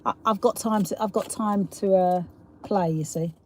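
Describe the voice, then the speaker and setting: A woman's voice: medium pitch, moderate pace. Chatty middle-aged South East London woman. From England. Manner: chatty and rambling, laughs often, reads viewer comments aloud. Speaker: livestream host. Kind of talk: casual live-stream chat.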